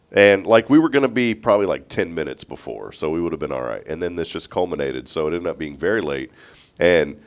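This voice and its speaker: Deep-voiced congested man. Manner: rambling, laughs often. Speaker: morning show host. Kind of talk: casual chat.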